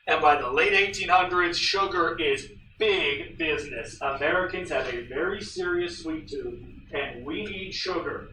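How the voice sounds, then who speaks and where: A man's voice: a little high, a little slow, roomy sound, distant mic, a little hiss or hum, poor audio. A male history teacher lecturing his class, telling stories and acting out the voices he quotes. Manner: animated storyteller, acts out quoted voices. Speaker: high school history teacher.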